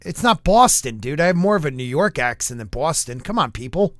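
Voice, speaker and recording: A man from Connecticut on a live stream call, joking with quick comebacks. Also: a little high, lively intonation, no room sound, clean studio sound. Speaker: guest. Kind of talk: casual chat.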